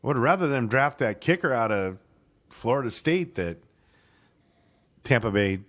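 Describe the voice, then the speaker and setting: A man's voice: medium pitch, lively intonation, normal speed, a bit bright. A man co-hosting a casual sports podcast, swearing freely and stumbling over words as he reads an article aloud. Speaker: podcast co-host.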